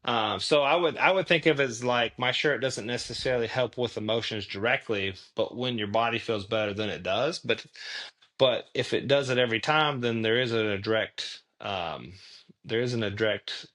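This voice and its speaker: A man guesting on an interview show, telling stories in an earnest, animated way and often restarting his sentences. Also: medium pitch, normal speed. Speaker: guest, clothing tech founder. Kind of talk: casual interview storytelling.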